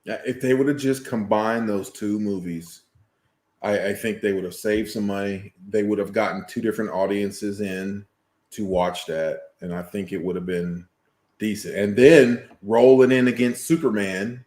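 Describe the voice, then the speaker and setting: A man co-hosting a podcast in casual chat, giving opinionated, animated rants. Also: on the low side, moderate pace, roomy sound. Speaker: podcast co-host.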